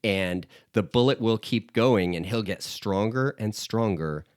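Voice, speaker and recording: A man's voice: lowish voice, measured pace, dry recording. A man co-hosting a casual podcast about films, laid-back, with dry humor as he retells scenes. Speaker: podcast co-host. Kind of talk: casual film discussion.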